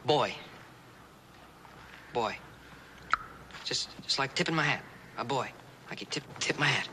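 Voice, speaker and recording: A man's voice: medium pitch, animated, close to an everyday voice. A man playing a patient young cowboy teaching signs. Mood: patient coaxing. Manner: patient, coaxing, speaks slowly and gently. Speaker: actor in a western TV drama. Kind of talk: 1960s TV drama acting. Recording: noisy vintage TV soundtrack.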